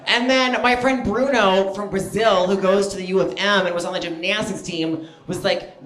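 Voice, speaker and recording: A man's voice: sits high, steady tone, brisk, few pauses, a bit bright, roomy sound. A man in his thirties performing a stand-up comedy set on stage, chatty and self-deprecating, full of fillers and asides. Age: 30s. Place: stage in front of a live audience.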